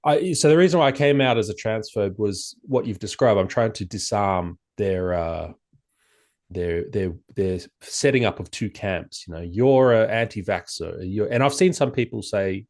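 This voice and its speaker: A man speaking as a podcast guest in casual chat, animated and halting, acting out quoted exchanges in a raised voice. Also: fairly low pitch. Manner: halting, frequent restarts.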